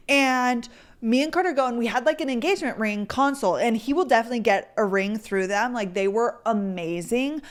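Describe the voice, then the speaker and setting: A young woman in her twenties hosting a podcast, telling a story in a chatty, animated, self-deprecating way. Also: mid-range voice. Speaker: podcast host. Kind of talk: casual storytelling chat.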